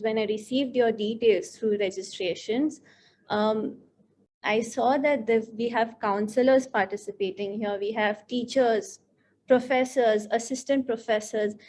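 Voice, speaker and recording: Her voice sits on the high side with a darkish tone. She is a counselor running a workshop for teachers, speaking to participants earnestly and reflectively and lingering on key words.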